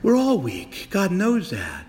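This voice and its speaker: A man preaching from the altar, his voice leaping around with lively, expressive pitch. He fires question after question at the congregation, sometimes loud and excited, sometimes dropping to a hush. A long reverb rings through the large church. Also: takes it slowly, noisy background. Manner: animated preaching, swinging from loud exclamations to hushed whispers; asks the congregation many rhetorical questions. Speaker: Catholic priest. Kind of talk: sermon.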